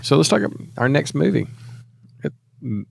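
A man's voice: fairly high pitch, very animated, moderate pace, creaky, breathy edge, no room sound, studio quality. A man co-hosting a casual movie podcast, opinionated and often restarting his sentences. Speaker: podcast co-host.

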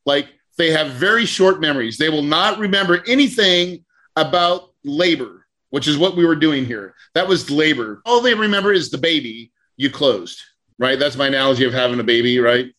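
A man coaching a class on real estate deals, telling a story with lively acted-out quotes. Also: a little high, normal speed. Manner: animated storyteller, acts out quotes.

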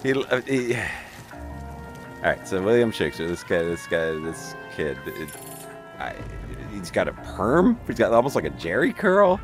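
A man's voice: sits low, very animated, unhurried, over music. A man co-hosting a TV recap podcast, opinionated and full of restarts. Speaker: podcast co-host. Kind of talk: casual TV recap chat.

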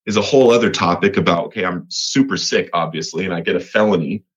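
A man's voice: deep voice, fast, slightly rough, highs cut off. A man from Colorado, a podcast guest giving an earnest personal faith testimony, often restarting and repeating words.

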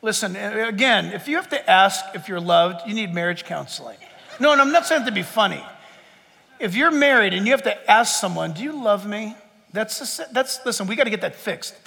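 High, bright-voiced preaching man in a church. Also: brisk, gravelly. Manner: animated preaching, acts out voices of listeners. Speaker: pastor. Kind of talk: sermon. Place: church sanctuary before a congregation. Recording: long church hall reverb.

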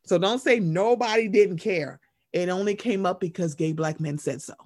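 A man hosting a casual chat, animated and sarcastic, swearing freely and slipping into mocking voices. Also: sits high, normal speed.

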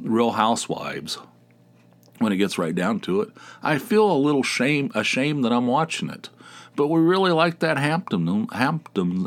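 Fairly low-pitched with vocal fry, this middle-aged podcast host rambles through a casual solo chat. He's wry and swears freely.

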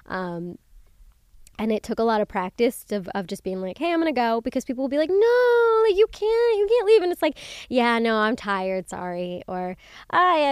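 A young woman hosting a casual solo podcast, candid and chatty, with lots of "like" and swearing, acting out quotes in high squeals. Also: smooth, no room sound, clean studio sound. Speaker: podcast host.

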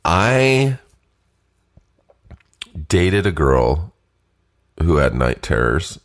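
A man with an extremely deep voice tells a personal story in a slow, unhurried way. He stops and starts, and laughs now and then between phrases. His nose is a little stuffed from allergies. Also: big pitch swings. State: sniffly from allergies. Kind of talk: casual spoken storytelling.

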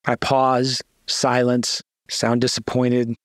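A man with a brisk, mid-range voice casually teaches a real estate sales script over screen-share. He explains plainly with fillers and restarts, then plays out seller phone lines in an eager, lifted voice. There's no echo, and the sound is clean studio quality.

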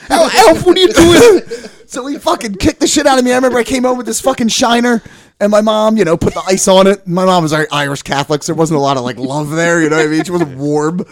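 Fast-talking profane man in his forties. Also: sits high. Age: 40s. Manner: profane, rambling storytelling. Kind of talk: casual podcast chat.

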